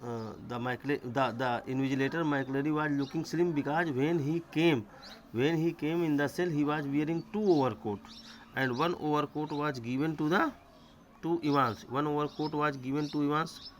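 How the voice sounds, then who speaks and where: A man's voice: a little high, fairly even intonation, normal speed, slight background noise, rough recording. A man teaching a literature class, reading each line aloud and then repeating and paraphrasing it in simple words.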